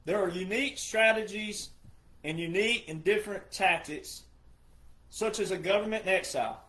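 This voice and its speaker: A man's voice: high voice, normal speed, bright, forceful tone. A man who is a retired veteran, giving an emphatic monologue full of repetition and rhetorical questions. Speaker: retired military veteran commentator.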